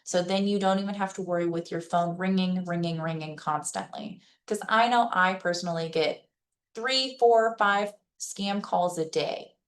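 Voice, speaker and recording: A woman's voice: fairly low pitch, normal speed. A woman giving an informal educational presentation in a conversational way. She gives practical advice in plain, reassuring words and keeps checking in with her listeners. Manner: conversational, checks in with listeners by asking "okay?" and "right?". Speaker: presenter at a senior-services webinar.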